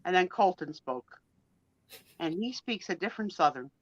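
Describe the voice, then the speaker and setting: A woman telling stories in a casual live-stream chat, animated and quick to laugh, acting out what people said. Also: fairly low pitch, no room sound. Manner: animated storyteller, quick laughs, acts out quotes. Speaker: guest co-host of a live sale chat. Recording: dull, dry lo-fi stream audio.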